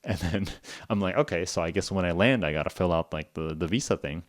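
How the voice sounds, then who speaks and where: A man's voice: sits low, brisk, no room sound, studio quality. A man hosting a casual podcast for English learners, explaining things in a chatty way, checking in with "okay?" and acting out little phone conversations. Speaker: English teacher and podcast host.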